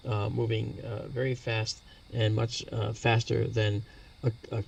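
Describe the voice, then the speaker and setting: A man with a gravelly, creaky voice, heard a little set back from the mic. He talks patiently as an interview guest and spells out the terms he uses. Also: on the low side, flat delivery, a little slow, recorded from a distance, muffled recording. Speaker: astronomy guest expert. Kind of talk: explanatory interview talk.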